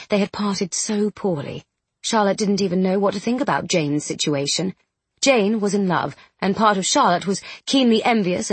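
Audiobook narrator, woman, husky tone, dry close sound, measured read. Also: mid-range voice, no echo. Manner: measured, expressive reading. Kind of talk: scripted narration.

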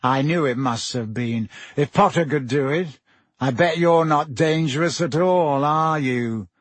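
A man voicing a spoiled teenage boy who drawls his words with slow contempt. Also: on the high side, dry recording. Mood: drawling sneer. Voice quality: drawling, then shrieking in panic.

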